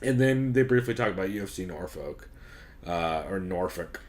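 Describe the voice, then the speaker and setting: A man's voice: lowish voice, fast talker. A man co-hosting a podcast, chatting casually, swearing a lot and laughing often as he recaps shows. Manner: profane, joking, laughs often. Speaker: podcast co-host.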